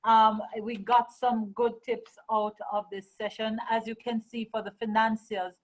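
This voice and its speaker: Higher-voiced woman moderating a webinar. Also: little pitch movement, a little slow. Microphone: video call. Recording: dull lo-fi video call audio.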